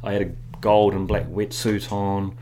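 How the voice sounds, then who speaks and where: A man's voice: fairly low pitch, level tone, moderate pace, warm tone, a little hiss or hum. A man, chatting through a personal anecdote as an interview guest and repeating words as he recalls. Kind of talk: casual anecdotal storytelling.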